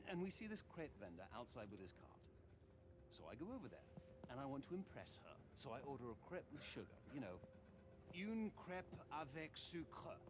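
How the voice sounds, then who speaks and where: An actor playing a relaxed, smooth-talking male treasure thief who tells stories with dry humor. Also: medium pitch, noisy background, lightly acted. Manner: wry storytelling, dry humor. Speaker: game character. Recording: game audio with loud ambience.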